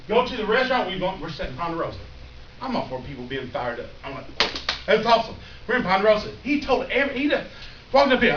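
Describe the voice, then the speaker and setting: Brief: male youth preacher, animated delivery, sudden shouted bursts, recorded from afar with a dull, noisy sound. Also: high voice, fast. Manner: animated, acts out excited voices, often shouts. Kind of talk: sermon. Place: church youth room. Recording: dull echoey room recording from a distance, noisy.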